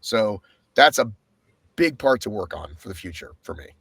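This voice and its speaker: A man's voice: fairly low pitch, moderate pace, breathy edge, dry recording. Guy on a podcast going through his race, voice all over the place, swears a lot, dry sound. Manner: animated storytelling, swears a lot. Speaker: podcast co-host. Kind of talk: casual race recap.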